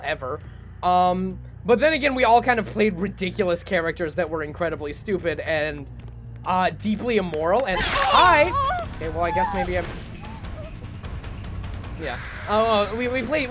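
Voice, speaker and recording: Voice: medium pitch, fairly bright tone. A streamer giving casual live gaming commentary, chatty, self-mocking and swearing freely.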